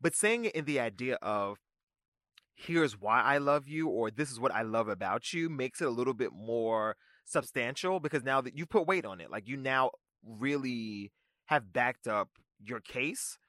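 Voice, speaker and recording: Brief: male podcast host, sassy and slangy, lively swooping delivery, bright forward tone, dry close mic. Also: mid-range voice, no echo. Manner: animated, sassy and slangy, quick asides. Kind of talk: casual recap commentary.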